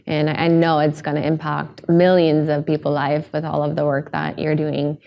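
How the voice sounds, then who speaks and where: A woman's voice: sits low, flat delivery, moderate pace, vocal fry, lo-fi sound. A woman hosting a podcast, talking earnestly and emotionally about her own story, with hesitant restarts. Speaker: podcast host. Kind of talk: candid podcast conversation.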